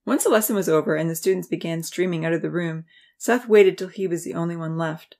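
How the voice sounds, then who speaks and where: A woman narrating an audiobook in steady storytelling style. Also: fairly low pitch, quick pace.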